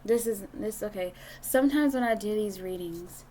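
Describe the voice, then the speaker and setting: A woman's voice: medium pitch, normal speed, dark tone, a little hiss or hum. A young adult woman doing a casual tarot reading, speaking bluntly and swearing freely as she talks to the viewer. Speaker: tarot reader.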